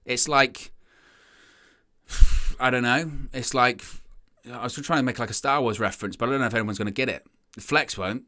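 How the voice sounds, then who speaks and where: A man's voice: medium pitch, moderate pace, long pauses, pushed and bright. A man hosting a football fan stream, chatting casually and rambling, reading viewer comments and acting out imagined fans. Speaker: fan channel host.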